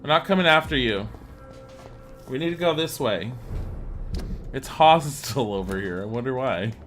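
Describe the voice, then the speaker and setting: A man live-streaming a video game from his home, chatting casually, rambling and laughing, with bursts of swearing and excitement. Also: mid-range voice, moderate pace, faint music behind. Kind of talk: casual live-stream chat over gameplay.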